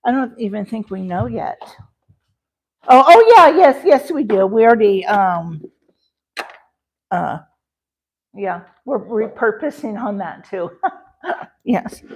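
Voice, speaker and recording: Woman doing a home cooking livestream, slow and gravelly, lots of um and you know, chatting to viewers. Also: mid-range voice, darkish tone, poor audio. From Rocky Mountains, USA. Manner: chatty, rambling, many fillers, talks to chat viewers. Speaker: livestream host. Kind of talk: casual cooking livestream chat. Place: home kitchen.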